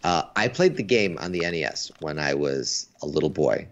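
A rumbling low voice with big pitch swings at a moderate pace belongs to an American stream co-host based in Asia. He enthusiastically chats about movies and games, often restarting what he says. Sound quality is dull and lo-fi.

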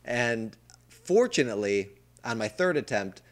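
A man's voice: medium pitch, animated, a little slow. A man hosting a casual podcast, enthusiastic and explaining things step by step. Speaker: podcast host.

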